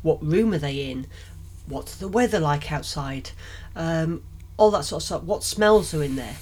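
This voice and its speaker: A woman's voice: deep voice, expressive, measured pace, a little mellow. A woman co-hosting a casual faith podcast, chatty and rambling, often laughing between thoughts. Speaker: podcast co-host.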